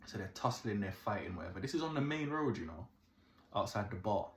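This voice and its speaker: A man's voice: fairly low pitch, fairly quick, slight background noise. A young man from the Caribbean telling a true story casually, checking in with "yeah?" and drawing moral lessons. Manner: animated, keeps asking "yeah?", moralizing. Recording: echoey room.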